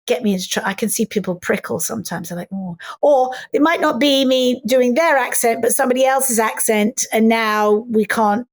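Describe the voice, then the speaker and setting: A middle-aged English woman chats in an animated, playful way as an interview guest. Her voice sits a little high, and she readily slides into other people's ways of talking. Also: fairly quick, few pauses. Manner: animated and playful, slipping into mimicry. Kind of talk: casual interview chat.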